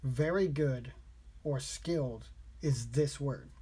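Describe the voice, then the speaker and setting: A man vlogging his language study, slowly repeating practice phrases aloud in a casual way. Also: mid-range voice, warm tone, slightly rough. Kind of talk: casual self-taught lesson vlog.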